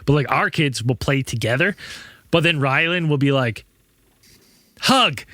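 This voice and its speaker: A man's voice: mid-range voice, normal speed, sharp tone, no echo. A man in his thirties, a podcast host, telling rambling stories in casual chat, swearing often and laughing a lot.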